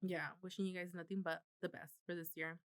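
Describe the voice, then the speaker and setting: A woman's voice: lowish voice, little pitch movement, a little fast. A woman in her thirties co-hosting a podcast, chatting casually, laughing often and swearing freely. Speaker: podcast co-host. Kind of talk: casual chat.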